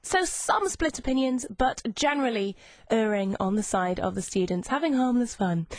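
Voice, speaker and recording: A young woman hosts a lunchtime radio chat show, bubbly and eager as she talks to her listeners. Her voice sits a little high, and the studio mic gives it a dry, close sound. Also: lively intonation, moderate pace, no echo. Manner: bubbly, chatty, enthusiastic. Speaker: radio presenter. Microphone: studio microphone.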